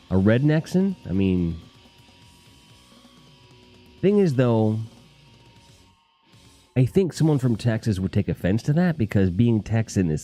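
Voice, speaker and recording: A man's voice: on the low side, warm tone. A man hosting a casual live stream, rambling and joking with crude humor while talking to his chat.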